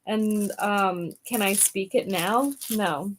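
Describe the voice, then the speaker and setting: A woman's voice: medium pitch, takes it slowly, a little hiss or hum. Bubbly, giggly young woman. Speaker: guest, stepdaughter. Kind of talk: casual chat while crafting.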